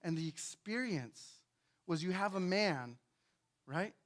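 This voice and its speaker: Male pastor, high voice, casual storytelling sermon with acted-out character bits and frequent "right?" checks. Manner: animated storytelling, acting out biblical characters in quick asides; casual, chatty, often asks "right?". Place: church sanctuary.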